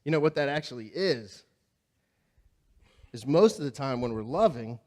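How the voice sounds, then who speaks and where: A man preaching a sermon as pastor, talking in a conversational, animated way, telling funny stories and asking the congregation questions. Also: mid-range voice, moderate pace. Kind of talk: sermon with humorous storytelling. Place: church sanctuary.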